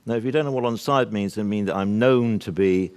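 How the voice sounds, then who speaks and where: A man's voice: on the low side, a little fast, a little mellow, smooth. An older British man giving a public talk to a live audience, assertive and discursive, with many fillers and asides. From Britain. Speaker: speaker at a workshop.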